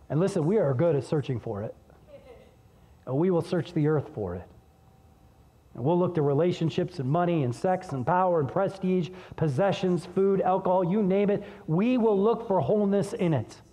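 A man preaching a sermon as pastor, conversational and energetic, dropping low and soft when reading scripture. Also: long reverb tail.

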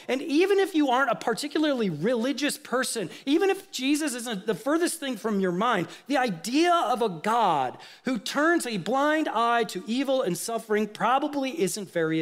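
A pastor preaches a sermon in a high, bright-edged voice that swoops up and down across a wide range. He hurls rhetorical questions at his listeners, building to emphatic outrage before sinking into hushed, low asides.

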